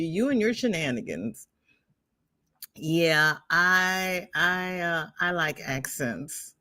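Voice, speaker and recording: Older woman, livestream host, low and unhurried, chatty and teasing, dry close sound. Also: no room sound. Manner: chatty, reads viewer comments aloud, teasing. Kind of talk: casual livestream chat.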